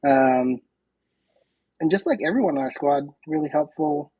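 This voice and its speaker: A woman's voice: deep voice, animated, normal speed, warm tone, highs cut off. A woman guest on a podcast, a chatty, self-deprecating storyteller in casual conversation. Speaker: podcast guest, competitive shooter.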